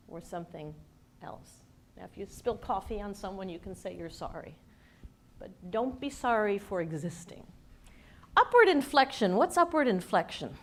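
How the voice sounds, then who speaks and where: A woman communications expert giving a workshop to a live audience in a playful, lively way. She asks the listeners questions and acts out the speech habits she describes. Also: medium pitch. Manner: demonstrates speech habits with her own voice.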